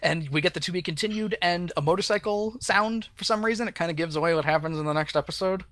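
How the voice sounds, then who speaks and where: A man's voice: high-pitched, fast talker, fairly bright tone, no room sound, clean studio sound. Laid-back rambling male podcast co-host. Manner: rambling, laid-back, laughs often, frequent fillers. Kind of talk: casual podcast chat recapping a cartoon.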